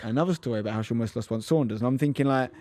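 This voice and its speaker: Fast-talking man telling a story. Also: mid-range voice, no echo. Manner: animated, acts out quotes. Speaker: podcast co-host. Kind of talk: casual storytelling chat.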